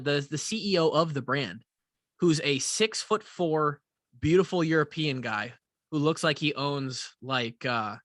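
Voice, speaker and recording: A young man co-hosting a podcast, telling a profane, animated story in casual chat. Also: on the high side, no room sound, studio quality. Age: young adult. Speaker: podcast co-host.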